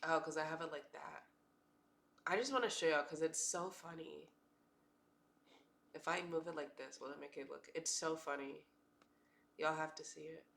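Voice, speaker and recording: A woman's voice: sits low, moderate pace, vocal fry, pauses often, fairly bright tone, slight background noise. A woman streamer with a stuffy nose, chatting casually and swearing often. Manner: chatty, swears a lot, says "dude" often. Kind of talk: casual chat. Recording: echoey room with music playing.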